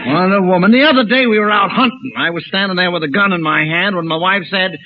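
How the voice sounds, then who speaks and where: A man's voice: high-pitched, fast, lightly acted. A man acting a boastful, wisecracking middle-aged husband who leads a lodge, in 1940s radio comedy. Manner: joke-telling, punchline delivery. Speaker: lodge leader called mighty potentate. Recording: dull old radio broadcast with loud studio audience.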